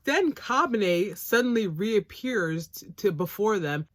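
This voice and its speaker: A woman's voice: medium pitch, very animated, normal speed, a bit bright, dry recording, clean studio sound. A woman chatting casually about an anime episode, rambling and blunt, swearing freely. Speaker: anime reviewer, co-host. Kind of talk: casual chat.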